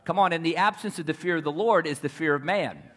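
A man's voice: on the high side, fast, pushed and bright. A man preaching a fervent sermon, telling stories and calling to the crowd for responses.

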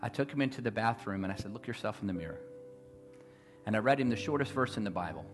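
A man preaching a sermon, telling a story and building to loud, repeated declarations. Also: fairly low pitch, quick pace. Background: guitar music.

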